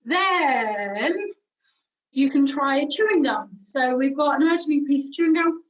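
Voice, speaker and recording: A woman's voice: sits high, animated, unhurried, far from the mic, low-quality recording. A young woman teaching singing, chatty and encouraging, demonstrating each sound. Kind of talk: online vocal warm-up lesson.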